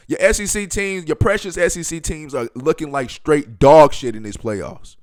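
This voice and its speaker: A man hosting a solo podcast, talking loosely and emphatically, with many fillers and sudden bursts of excitement. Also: fairly high pitch, fairly quick, no echo, studio quality. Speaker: podcast host.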